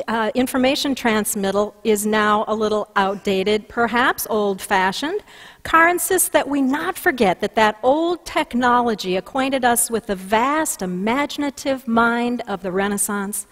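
A woman pastor preaches a sermon in a church, her fairly high voice carrying long reverb through the sanctuary. She tells her stories with lively emphasis and a homespun warmth of delivery. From Minnesota.

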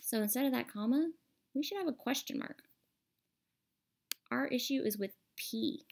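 A woman's voice: on the high side, moderate pace, gravelly. A woman teacher explaining a grammar lesson patiently and step by step over a screen recording.

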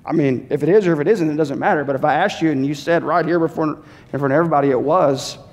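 A man with a fairly high, slightly mellow voice speaks at a quick pace. He's a pastor preaching a conversational sermon, questioning the congregation directly and voicing short quotes. The church sanctuary gives a long hall reverb.

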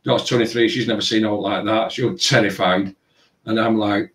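A man's voice: lowish voice, brisk, recorded from a distance. Rambling man, roomy sound. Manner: rambling, animated retelling with filler phrases. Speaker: tattoo shop owner. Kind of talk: casual storytelling. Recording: roomy, from away from the mic.

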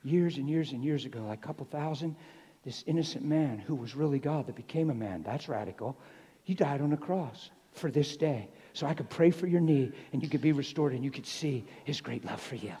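A man preaching a sermon to a congregation, telling stories in an animated way that drops to a hush and rises to shouts. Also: medium pitch, a little fast, slightly rough. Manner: animated, swings from hushed to shouting. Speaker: traveling preacher. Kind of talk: sermon with storytelling. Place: church sanctuary. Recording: live church hall reverb.

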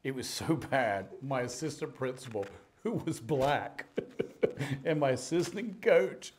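A middle-aged man preaching a sermon, telling stories in an animated way, swinging between loud and hushed. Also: mid-range voice, slow pace, slight background noise. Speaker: pastor. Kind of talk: storytelling sermon.

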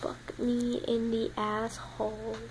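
A woman's voice: a little high, monotone, slow pace, noisy background. A young woman vlogging in a rambling, casual chat to camera, swearing constantly and sounding tired. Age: young adult.

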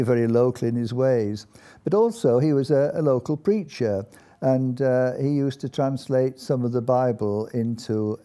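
An older male storyteller with a deep, mellow, very dark tone. He spins his anecdotes slowly, pausing and hesitating often, and speaks at an ordinary pitch for a man. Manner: unhurried, halting with many fillers. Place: country inn.

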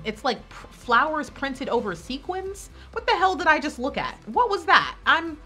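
A woman with a fairly high, bright, forceful voice gives live reaction commentary. Her pitch swings widely as she shifts from sassy remarks to excited outbursts, with faint music playing behind her. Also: moderate pace. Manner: animated, exclamatory and sassy, with bursts of excited shouting. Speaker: pageant reaction video host.

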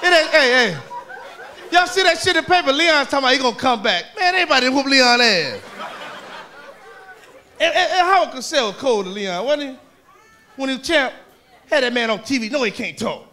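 Male stand-up comic, high and bright, profane and rowdy, live club crowd faintly behind. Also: lively intonation, fairly quick. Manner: rowdy, profane storytelling with mocking voices. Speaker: stand-up comedian. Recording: live club recording with audience. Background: audience laughter and room noise.

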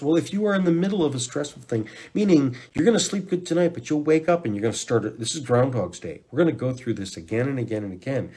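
A man hosting a natural health podcast in casual, rambling talk, dropping to hushed counting when guiding breathing. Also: medium pitch, husky. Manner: rambling and conversational, with hushed counting and shushing during breathing guidance.

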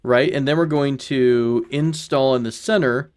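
A man casually commenting on his own gameplay, thinking out loud, correcting himself and chuckling now and then. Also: medium pitch, a little slow, clear, resonant tone. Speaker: gaming channel host. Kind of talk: casual let's-play commentary.

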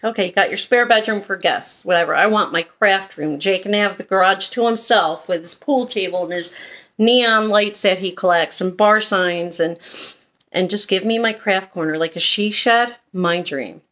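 A woman's voice: mid-range voice, moderate pace, a bit bright. Chatty rambling woman vlogger. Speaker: haul vlogger. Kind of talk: casual chat.

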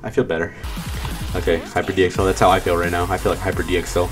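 Low-voiced man venting while gaming. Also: level tone, fast. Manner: frustrated, swearing, talks to himself. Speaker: gaming video creator. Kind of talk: casual gameplay commentary. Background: faint game music.

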